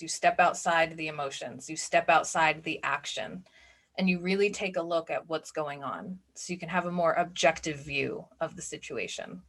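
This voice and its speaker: Chatty woman coach, slightly low voice. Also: fairly bright tone. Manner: chatty, informal, many "like" fillers. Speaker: business and spiritual coach. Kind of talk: casual recorded masterclass talk.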